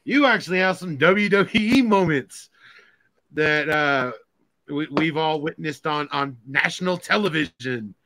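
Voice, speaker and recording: A man co-hosting a casual podcast interview, laid-back and quick to laugh. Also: a little high, pushed and bright. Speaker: podcast co-host. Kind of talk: casual chat.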